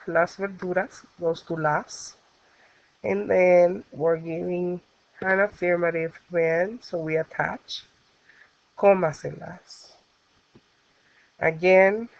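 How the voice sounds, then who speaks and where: A woman with a lowish voice gives a recorded classroom lesson on Spanish grammar, walking through the rules step by step and using patient fillers. The recording is dry, dull and lo-fi.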